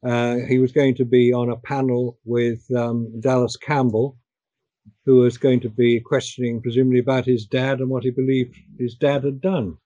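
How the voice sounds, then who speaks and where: An older man chatting on a discussion call, pausing and repeating words as he talks. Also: medium pitch, level tone, mellow, dry recording, dull audio. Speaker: guest. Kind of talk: casual chat.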